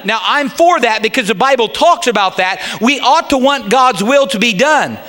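A middle-aged male pastor with a high, bright, ringing voice delivers a sermon. He mixes folksy humor with earnest teaching. At times he swells into fervent, pleading calls. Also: expressive, moderate pace, few pauses. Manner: folksy preaching with humor, rising to fervent pleas.

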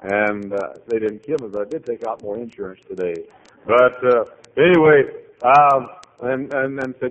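A man preaching a sermon, rambling through anecdotes and building to loud exhortation. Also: medium pitch, fairly even intonation, normal speed, phone-quality sound. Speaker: pastor.

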